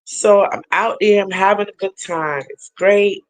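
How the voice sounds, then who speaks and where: Slow, earnest woman spiritual vlogger. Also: mid-range voice, low-quality recording. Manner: earnest, laughing, storytelling. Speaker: spiritual reader. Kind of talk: casual spiritual vlog talk.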